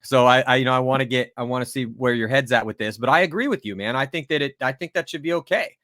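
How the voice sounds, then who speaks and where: A man hosting a casual interview, relaxed and laughing along with his guest. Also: medium pitch, fast talker, no room sound, studio quality. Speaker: host.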